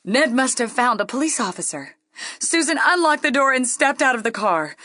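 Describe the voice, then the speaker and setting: A woman reading a ghost story aloud, playful and dipping into hushed whispers. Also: high voice, very animated, normal speed, no room sound, studio quality. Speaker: guest storyteller.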